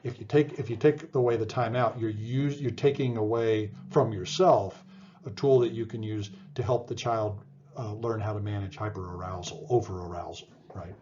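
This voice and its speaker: A man's voice: fairly low pitch, fairly even intonation, normal speed, darkish tone, lo-fi sound, slight background noise. A man giving a conversational psychology lecture, explaining with everyday examples and often checking in with "right?". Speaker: psychology instructor.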